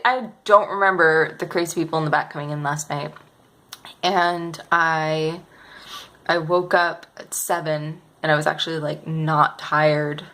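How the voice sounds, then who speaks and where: A young woman chats through her week in a casual vlog, her voice sitting a little low. She rambles and hesitates, restarting sentences and filling gaps with ums. She sounds a bit sleepy. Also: fairly bright tone. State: sleepy, yawning. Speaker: vlogger. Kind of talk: casual weekly update vlog.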